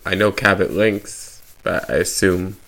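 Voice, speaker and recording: A man's voice: sits low, steady tone, unhurried, a bit bright. A man from Canada chatting on a podcast, dropping in short, dry interjections. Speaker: podcast co-host. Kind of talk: casual chat.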